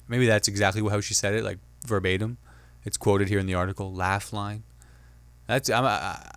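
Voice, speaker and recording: Chatty comedian hosting a solo show. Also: male voice, lowish voice, a bit bright, clean tone, no echo. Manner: chatty, jokey, mimics others in quick asides. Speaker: podcast host and comedian. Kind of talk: casual solo commentary.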